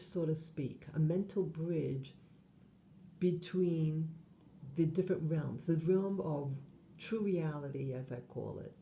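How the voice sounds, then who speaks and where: A woman's voice: low voice, warm tone, a little hiss or hum. A woman hosting her channel, talking in a meandering monologue full of fillers and self-corrections. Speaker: channel host. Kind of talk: rambling monologue.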